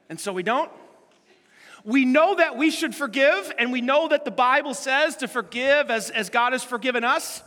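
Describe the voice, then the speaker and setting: Bright-voiced pastor preaching in a reverberant hall. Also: male voice, very high-pitched. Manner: animated storytelling, acts out quotes. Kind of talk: sermon. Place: large church hall.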